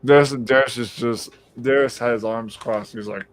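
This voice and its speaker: Male podcast host, mid-pitched, chatty storyteller, profane and animated. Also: moderate pace. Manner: animated, profane, acts out quoted voices. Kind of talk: casual storytelling on a live stream.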